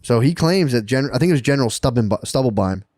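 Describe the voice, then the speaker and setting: A man co-hosting a podcast, telling a story in casual chat, excited and profane, laughing and acting out the people he quotes. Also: medium pitch, fast, dry recording, studio quality. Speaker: podcast co-host.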